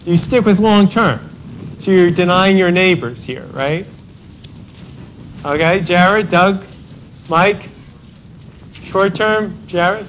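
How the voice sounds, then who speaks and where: A male professor with a high voice leads a university classroom lecture in Socratic fashion. He fires questions at students, names them, and keeps tacking on "right?" as he drives the point home. A faint hiss sits under the recording. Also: a bit bright, rough recording. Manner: rapid cold-calling of students, tag questions like "right?". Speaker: law professor.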